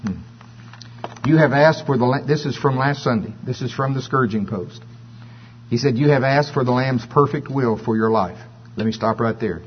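Animated male preacher, lo-fi sound. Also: medium pitch, normal speed. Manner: animated, preacherly, acts out quoted prayers in a raised voice. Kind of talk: sermon. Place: room with a congregation. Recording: dull lo-fi recording with faint hum.

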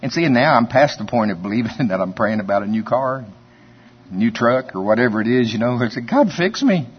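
Man preaching, husky and homey, on a dull lo-fi recording. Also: on the low side, fairly quick. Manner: conversational storytelling, chuckles often. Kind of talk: folksy sermon.

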